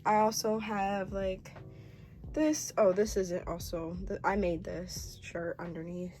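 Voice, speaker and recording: A young woman rambles through a casual vlog in a mellow, dark-toned voice, gushing over each item with gasps and many fillers. Now and then she sinks into a whisper. Faint music plays behind her. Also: medium pitch, takes it slowly. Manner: gushing, gasping, filler-heavy, drops to whispers. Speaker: vlogger.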